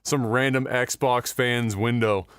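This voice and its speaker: A man's voice: mid-range voice, fairly even intonation, slow pace, fairly bright tone, clear, resonant tone, dry recording, studio quality. A man hosting a podcast, telling profane comic stories in casual chat. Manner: profane, storytelling. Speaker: podcast host.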